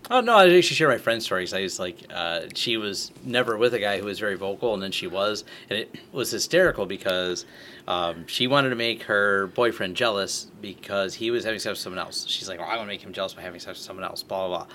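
A man's voice: on the low side, fairly quick. A man on a podcast telling stories in a dry, joking way. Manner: dry, storytelling, animated. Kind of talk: casual podcast chat. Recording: noisy recording.

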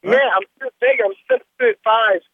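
A man's voice: high voice, moderate pace, noisy background. A man calling in as a guest, talking in a laid-back, rambling way with lots of fillers. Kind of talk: casual phone-in chat. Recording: muffled phone line.

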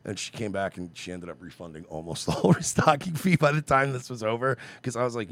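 Male podcast co-host, lively pitch, profane storyteller. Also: fast, hardly any pauses, no room sound. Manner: profane, ranting, acts out voices in his stories. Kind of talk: casual chat, animated storytelling.

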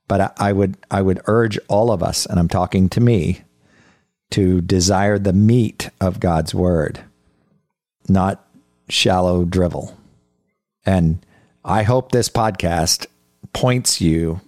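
Very deep-voiced man teaching scripture. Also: darkish tone, dry recording, clean studio sound. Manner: earnest, halting, frequent word restarts. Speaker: podcast Bible teacher. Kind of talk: conversational Bible teaching.

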